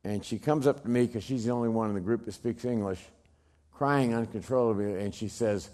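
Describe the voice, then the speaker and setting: A middle-aged man giving a dramatic storytelling speech, emphatic, swinging from loud bursts to hushed low lines. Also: fairly quick. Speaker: speaker telling a personal story.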